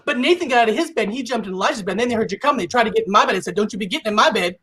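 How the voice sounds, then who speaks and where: A woman in her forties performing a stand-up comedy set on a live stage, animated and acting out dialogue in playful voices. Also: fairly high pitch, rapid-fire, slightly rough.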